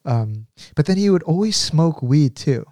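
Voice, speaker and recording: A man's voice: on the high side, animated, a little slow, darkish tone, no room sound, clean studio sound. A young man telling stories in casual chat, rambling and laughing, with lots of "like".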